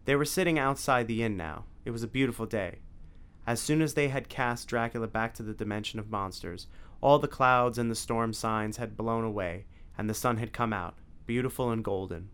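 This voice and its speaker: A man narrating an adventure story as an audiobook, with clear, evenly paced storytelling. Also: mid-range voice, normal speed, fairly bright tone.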